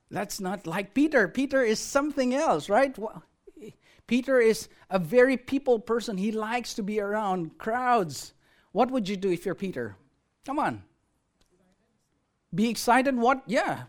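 A preacher giving a lively sermon, often throwing questions out to the listeners. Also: mid-range voice. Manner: animated, asks the audience questions.

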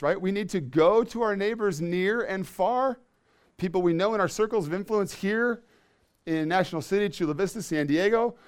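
A man preaching a sermon as pastor, emphatic, repeating key phrases and asking his listeners questions. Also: on the high side.

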